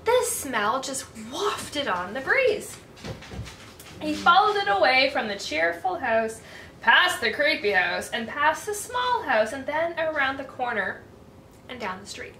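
A young woman hosting a storytime, reading a children's picture book aloud in a sing-song, expressive way. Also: high voice, a little slow, recorded from a distance. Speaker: storytime host. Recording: echoey room, voice from off-mic, faint hiss.

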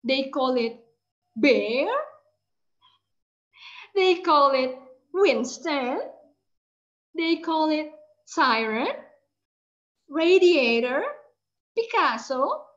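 A woman's voice: high voice, highs cut off. A woman with an Indonesian accent telling a story to young children in an English lesson, drawing out words and asking the kids to repeat after her. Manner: animated, drawn-out words, prompts children to repeat.

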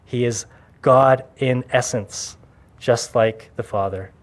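A male pastor in the middle of a verse-by-verse sermon, with a mid-pitched voice. He delivers it with emphasis, his voice rising on key claims and dropping low and quiet for solemn lines. Light laughs break up his teaching. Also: fairly even intonation, slow. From Canada.

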